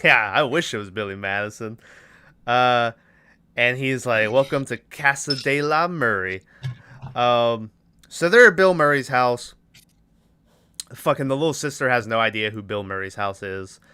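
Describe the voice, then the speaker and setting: A man's voice: medium pitch, a little slow, pushed and bright, clean tone, no echo. A young man hosting a podcast, casually retelling a movie scene by scene with loose quoted lines and laughter. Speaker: podcast host. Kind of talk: casual movie recap chat.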